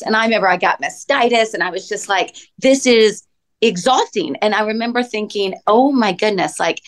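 Animated woman in her forties. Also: lowish voice. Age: 40s. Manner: animated storyteller, acts out her own past lines. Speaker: podcast guest. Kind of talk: casual chat.

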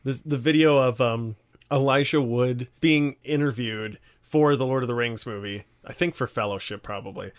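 Male podcast co-host, casual rambler, middle pitch, reads blurbs aloud. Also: moderate pace. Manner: rambling, full of "like" fillers, reads out panel blurbs. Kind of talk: casual chat.

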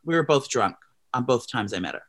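A man co-hosting a casual celebrity gossip podcast, animated and profane, breaking into mocking impressions. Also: mid-range voice, a little fast. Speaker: podcast co-host.

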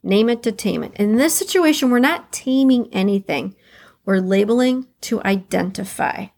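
A woman hosting a podcast, leading listeners through a calm guided reflection exercise and repeating key phrases as she goes. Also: medium pitch, moderate pace, vocal fry. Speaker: podcast host.

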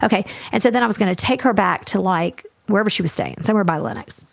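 A woman co-hosting a podcast, telling a story in a lively casual way and acting out what everyone said. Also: medium pitch, gravelly. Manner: animated, fast, acts out everyone's lines. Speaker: podcast co-host.

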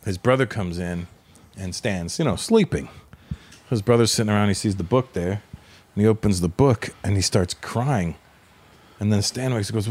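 A man in his fifties co-hosting a comedy podcast, teasing and profane in casual banter. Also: mid-range voice. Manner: teasing, profane, quick to laugh.

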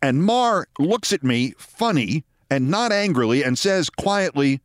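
A man in his sixties hosting a show, telling a story in a measured, dramatic way with wry asides. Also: fairly high pitch, animated, no echo, clean studio sound. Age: 60s. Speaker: host. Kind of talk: storytelling monologue.

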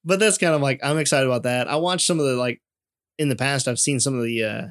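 A man's voice: medium pitch, fast talker, a bit bright, dry recording, clean studio sound. A young man co-hosting a podcast in casual chat, laid-back and rambling with plenty of fillers. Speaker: podcast co-host.

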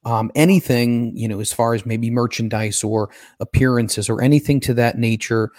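A man's voice: mid-range voice, fairly even intonation, normal speed, a little mellow. A man interviewing a guest, polite and lightly joking as he asks his final question.

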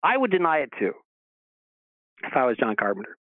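A man's voice: mid-range voice, wildly swooping pitch, fairly quick, dry recording. A man telling a long rambling story as a guest on a radio show, stammering through restarts and acting out the people he quotes. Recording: dry phone-line sound.

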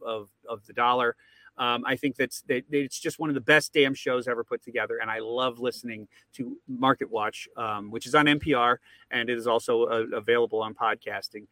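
A man guest in a casual podcast interview who rambles and repeats words when excited. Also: medium pitch, no room sound.

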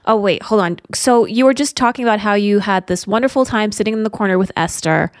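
A woman's voice: medium pitch, quick pace, no echo. Woman, co-host, casual chat, dry close mic. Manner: recaps the story back to the host.

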